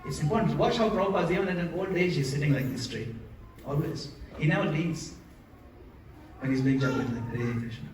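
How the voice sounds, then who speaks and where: A man delivers a temple sermon in a high voice, questioning his listeners and demonstrating chants. He sounds distant from the microphone, and the hall around him is heavily reverberant. A faint hiss of room noise lies underneath. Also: brisk. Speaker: temple lecturer. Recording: echoey hall, recorded from afar.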